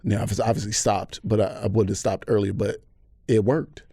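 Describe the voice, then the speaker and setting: A man from Atlanta, a podcast guest telling a story with animated energy and acted-out quotes. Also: fairly low pitch, normal speed, no room sound, studio quality. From Atlanta, USA. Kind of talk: casual conversation.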